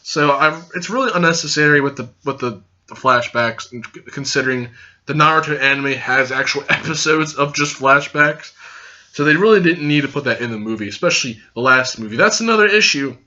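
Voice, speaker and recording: A young man talks straight to his camera in a casual vlog review, with a bright, forceful edge to his voice. He is hyper and loud, rambles from point to point and swears freely. The sound is a little dull and lo-fi. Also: on the high side, expressive, brisk. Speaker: host and reviewer. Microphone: camera recording.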